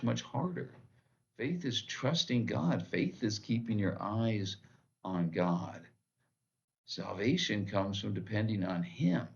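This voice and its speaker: Male pastor, devotional sermon; gravelly, lowish voice; earnest and plain-spoken; lo-fi sound. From United States. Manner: earnest, plain-spoken preaching with short repeated phrases.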